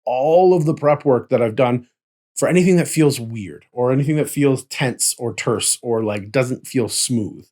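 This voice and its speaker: A man's voice: mid-range voice, a little slow, warm tone. A man co-hosting a casual chat about tabletop role-playing, explaining at length and checking in with "right?" as he goes. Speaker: podcast co-host.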